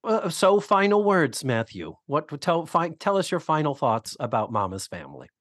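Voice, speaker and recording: Brief: male podcast co-host, lively storyteller, fairly high voice, dry close mic. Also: moderate pace, no echo. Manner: animated storytelling, acts out quotes. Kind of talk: casual recap of a TV episode.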